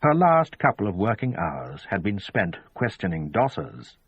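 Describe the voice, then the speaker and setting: Husky male audiobook narrator. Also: low voice, huge pitch swings, no room sound. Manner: measured storytelling. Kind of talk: scripted narration. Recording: dull lo-fi audio, dry.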